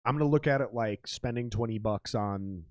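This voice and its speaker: A man's voice: medium pitch, normal speed, no room sound. Male podcast host, casual storyteller, cursing and laughing, dead-dry room. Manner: profane storytelling, laughs often. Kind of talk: casual chat.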